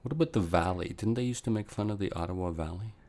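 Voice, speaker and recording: A man's voice: on the low side, fast talker, mellow. A man hosting a podcast in casual chat, with dry, teasing asides. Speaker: podcast host.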